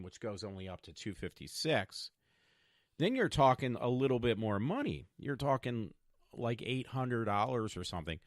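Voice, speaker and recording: A man in his fifties hosts his own podcast, rambling through a personal vlog in a meandering, stop-start way full of fillers. His voice sits in the mid range, and the recording is clean studio sound with no echo.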